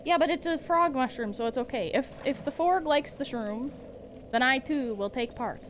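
A woman streaming a game live, chatting casually with her chat, giggling often and breaking into excited outbursts. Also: high-pitched, normal speed, slight background noise.

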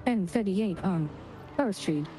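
A woman voicing a deadpan female robot sheriff deputy in a game role-play, reading calls in a clipped dispatch monotone. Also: mid-range voice, measured pace, slight background noise, close to an everyday voice. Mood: robotic.

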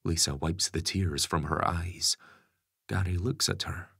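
Deep, husky male narrator. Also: fairly even intonation, measured pace, pushed and bright, no echo, clean studio sound. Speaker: audiobook narrator. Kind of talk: scripted narration.

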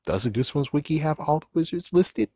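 A young man casually vlogging as a fan channel host, rambling excitably with swearing and frustrated outbursts. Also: a little high, quick pace, slightly rough, dry recording, clean studio sound. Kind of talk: casual ranting vlog.

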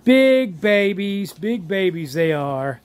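Man filming at home on a handheld camera, unhurried, fond baby talk to his dogs. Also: high-pitched, sing-song, a little hiss or hum. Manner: slow, drawling, doting, laughs often. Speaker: vlogger showing his dogs. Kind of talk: casual home vlog, talking to pets. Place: home living room.

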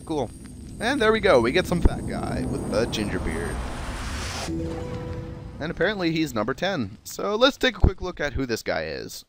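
A fairly high-pitched man from South Jersey, USA, swings his pitch hugely at normal speed while commenting on a video game over music. As a let's play gamer he's chatty, sarcastic, and casually profane.

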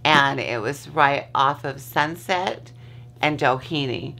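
Slow and deep with vocal fry and a sharp tone, the voice belongs to a woman vlogger host chatting casually from her bed at home. She rambles, loses her train of thought and swears freely, with slight background noise behind her.

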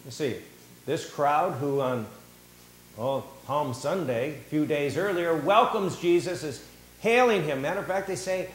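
A man preaching a sermon in a church, animated and theatrical, acting out the voices of the people he talks about. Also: on the high side, a little slow, echoey room, rough recording. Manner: animated, acts out quoted voices. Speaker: pastor. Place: church sanctuary.

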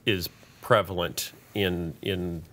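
A man's voice: deep voice, steady tone, slow pace, fairly bright tone, slight background noise. A man hosting a podcast in casual chat, reading listener letters aloud with playful asides. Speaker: podcast host.

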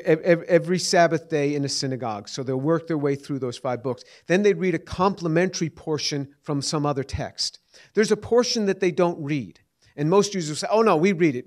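A man in his fifties giving earnest answers to audience questions at a lecture, often restarting words. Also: fairly high pitch. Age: 50s.

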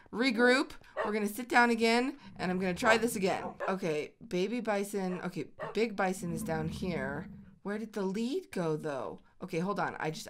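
Excitable woman gaming host, lively voice. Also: mid-range voice. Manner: excitable, baby-talking to animals, swings from cooing to panicked muttering. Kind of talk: Minecraft let's play commentary.

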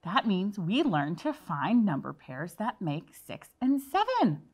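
A woman's voice: on the low side, big pitch swings, a little slow, slightly rough. Upbeat woman teaching kindergartners. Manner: cheerful, encouraging, addresses children. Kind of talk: classroom video lesson.

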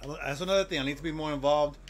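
A man's voice: fairly high pitch, very fast. A man streaming a video game, chatting loosely with his viewers and reacting to the game as he plays. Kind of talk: casual live-stream chat while gaming.

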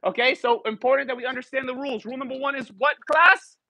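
Male dance instructor leading a class, bilingual, playful, counts steps aloud; very high, bright voice, dry. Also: quick pace, gravelly, dry recording. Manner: counting steps aloud, mixing English and Spanish, joking with students. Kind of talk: teaching a live dance class. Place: dance studio.

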